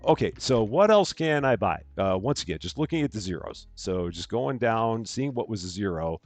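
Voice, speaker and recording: Lively chatty man streaming a game. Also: fairly low pitch, normal speed, dry recording, soft background music. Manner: chatty, reads chat aloud with bright greetings; says he projects louder than normal. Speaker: live streamer. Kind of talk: casual live-stream chat. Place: his room at home. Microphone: headphones on, desk mic.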